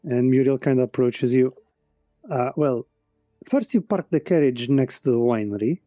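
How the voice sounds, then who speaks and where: A man narrating as game master, talking casually with frequent pauses and restarts. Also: medium pitch, no room sound, faint music behind. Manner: relaxed, with frequent ums and restarts.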